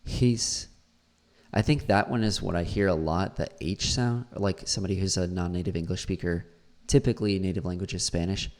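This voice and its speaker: A man's voice: deep voice, steady tone, normal speed, a little mellow. A man, an English teacher, critiquing a learner's pronunciation and repeating words aloud to model them.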